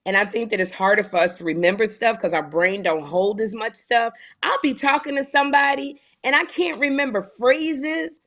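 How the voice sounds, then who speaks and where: A woman in her fifties co-hosting a casual podcast, telling animated stories and acting out quoted dialogue. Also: on the high side, normal speed, few pauses. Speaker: co-host.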